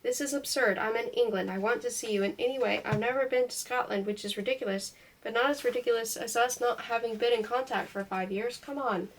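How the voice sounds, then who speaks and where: A woman's voice: fairly high pitch, fairly quick, few pauses, recorded from a distance, slight background noise, close to an everyday voice, poor audio. A woman reading aloud and voicing a young woman caller who presses and chats insistently. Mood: pushy.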